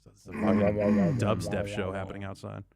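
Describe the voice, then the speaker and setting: A deep-voiced man co-hosting a podcast, laid-back and mumbling low-key asides. A clear crowd noise carries behind him. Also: level tone, moderate pace. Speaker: podcast co-host. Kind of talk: casual chat.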